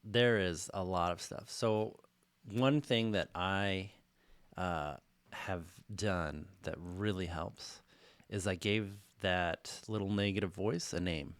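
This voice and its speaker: Low-voiced man, lively podcast talk. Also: slow pace, clear, resonant tone, no echo. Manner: animated, acts out his inner voices. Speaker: podcast co-host, coach. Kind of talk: casual podcast chat.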